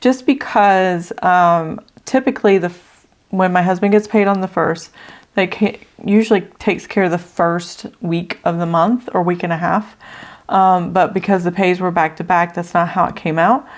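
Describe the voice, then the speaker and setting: Allergies leave this middle-aged budgeting host a bit out of breath as she casually talks through her budget, summing figures aloud with fillers. She speaks at a moderate pace, with a fairly low pitch and steady tone.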